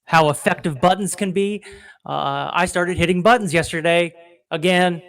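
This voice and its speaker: A man's voice: high-pitched, moderate pace, a bit bright. Rambling self-deprecating comedy podcast man. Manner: self-deprecating, rambling, acts out voices in anecdotes. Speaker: podcast co-host.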